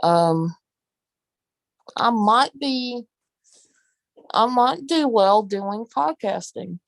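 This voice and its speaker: A woman with a Southern US accent, chatting casually on a live stream, rambling with many pauses and ums while greeting viewers. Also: on the high side, animated, gravelly, a little hiss or hum. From Southern United States. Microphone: phone.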